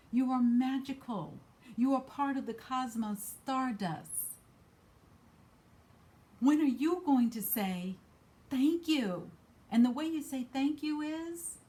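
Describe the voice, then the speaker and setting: A woman's voice: fairly high pitch, a little mellow. Earnest woman giving a card reading. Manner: earnest, emphatic, repeats key phrases. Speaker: card reader.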